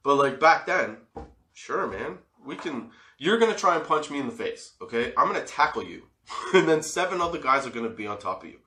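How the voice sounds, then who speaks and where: A man in casual, profane storytelling mode, laughing as he acts out old scenes. His voice is bright and forceful, and the room rings around it with echo. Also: mid-range voice, fairly quick. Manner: profane, laughs often, animated re-enacting. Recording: echoey room.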